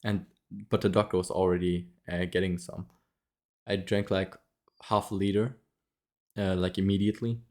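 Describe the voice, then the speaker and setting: Low-voiced man telling a story casually. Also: flat delivery, normal speed, pauses often, darkish tone. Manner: rambling, many fillers and restarts, frequent laughs. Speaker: vlogger.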